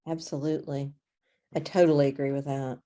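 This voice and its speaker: Guest author, female, slightly low voice, lively anecdotal delivery. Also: brisk. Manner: animated storytelling, acts out her own reactions. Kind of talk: casual interview chat.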